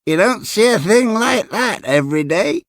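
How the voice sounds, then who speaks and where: Guy doing a creepy old coffin maker, cracked high little voice, way up above his normal, showing off his stuff. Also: lively intonation, normal speed, dry recording, studio quality. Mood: triumphant. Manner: triumphant, eager showman. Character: cackling old male coffin maker, gleeful and sinister. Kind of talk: audiobook character voice.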